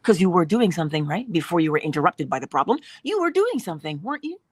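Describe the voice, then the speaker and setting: A woman hosting a morning inspiration livestream, giving an animated spiritual talk and dropping at times into whispers. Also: fairly low pitch, fast talker, husky, dry recording. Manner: animated, acts out dialogue in voices, drops to whispers.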